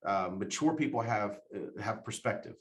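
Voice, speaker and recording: A man giving a motivational talk, animated, laughing often and repeating his questions for emphasis. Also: on the low side, moderate pace. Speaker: motivational speaker.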